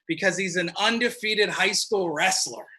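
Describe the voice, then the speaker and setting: A man's voice: high-pitched, moderate pace, sharp tone, a little hiss or hum, low-quality recording. A man performing a stand-up comedy set on a club stage, telling loose, profane stories and acting out the people in them. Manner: loose, profane storytelling with acted-out quotes.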